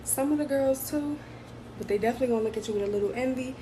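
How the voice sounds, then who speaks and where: Woman, chatty, slightly high voice, steady background noise. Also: racing. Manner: chatty, laughing asides. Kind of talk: casual monologue to camera.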